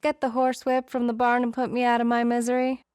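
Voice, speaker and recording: Brief: woman reading an anxious twentysomething girl, jittery and theatrical, pitched a touch high, dry close sound. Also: expressive, measured pace, dry recording. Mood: exasperated. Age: 20s. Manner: jittery, dramatic. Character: nervous young woman, anxious and self-mocking.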